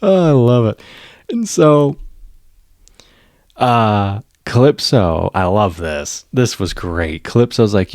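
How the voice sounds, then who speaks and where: Male reviewer, low fry-heavy voice, excitable chatty recap, dry room. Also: takes it slowly, pauses often, dry recording. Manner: excitable, laughs often, acts out quotes. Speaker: TV episode reviewer. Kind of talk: casual recap.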